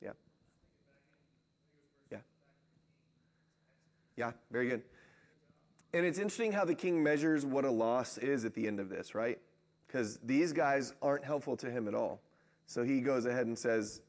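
A man's voice: medium pitch, moderate pace, long pauses. A man leading a group Bible study, reading scripture aloud and discussing it conversationally, often tagging on questions like "right?". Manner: conversational, asks rhetorical questions.

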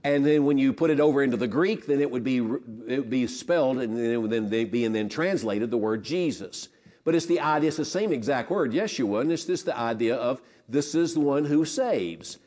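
A man's voice: medium pitch, animated, normal speed, darkish tone. A man teaching a Bible lesson, earnest, repeating words and putting questions to his listeners.

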